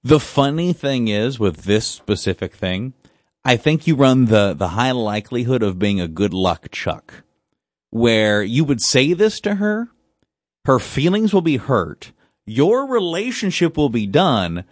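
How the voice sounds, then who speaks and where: A man's voice: medium pitch, very animated, measured pace, dry recording, clean studio sound. A man co-hosting a radio talk show, chatting in a playful, joking way. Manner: playful, joking, laughs easily. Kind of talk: casual radio chat.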